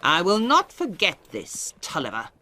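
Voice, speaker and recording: A woman's voice: on the low side, wildly swooping pitch, a little slow, bright, forceful tone, full character voice. A woman voicing a scornful middle-aged male lawyer with a cold, contemptuous manner.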